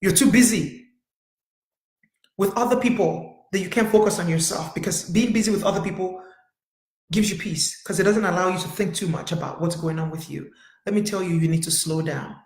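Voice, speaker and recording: A woman's voice: on the low side, a little fast, darkish tone. Emphatic woman therapist in an echoey room. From United States. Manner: emphatic, repetitive, directly addressing viewers. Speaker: therapist and weekly live-stream host. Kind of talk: live-streamed motivational talk.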